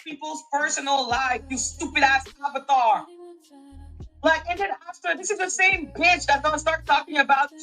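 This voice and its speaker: A woman's voice: high voice, normal speed, sharp tone, soft background music, low-quality recording. A woman playing in a livestream clip, ranting angrily with scornful insults. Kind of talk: angry livestream rant.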